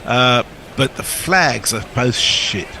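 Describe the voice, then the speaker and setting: Bright-voiced man reading listener messages. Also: medium pitch, expressive, slow pace, vocal fry, a little hiss or hum. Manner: reads out messages with wry asides. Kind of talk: casual commentary chat.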